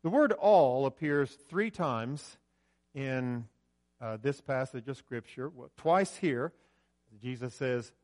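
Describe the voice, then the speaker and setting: A man preaching a sermon in a church, conversational, alternating loud emphasis with quiet asides and giving cues to the slide operator. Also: mid-range voice, expressive, slow pace. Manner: directs the slide operator mid-talk. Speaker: pastor. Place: church sanctuary with a screen.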